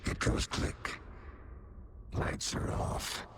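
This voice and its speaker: A man voicing an eerie, cryptic whispering presence from the dark, in a video game, speaking in broken, menacing fragments. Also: very slow. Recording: whisper buried in loud ambient noise.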